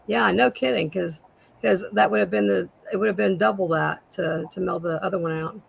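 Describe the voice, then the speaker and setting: A woman with a raspy voice, a guest seller chatting casually on a live sale and describing jewelry pieces. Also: medium pitch, brisk, a little hiss or hum, poor audio.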